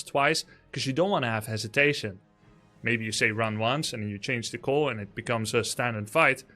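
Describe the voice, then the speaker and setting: A man's voice: medium pitch, bright, forceful tone. A man with a Dutch accent, talking at length and laughing as a guest in a casual interview. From Netherlands. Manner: talkative, laughing, explanatory. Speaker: guest, streamer.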